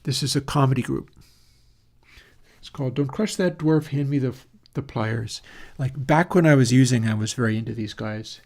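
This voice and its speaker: Speaking at a moderate pace in a mid-range, darkish voice, a man hosts his own audio plugin channel. His talk is casual and meandering, full of fillers, and he corrects himself as he thinks aloud.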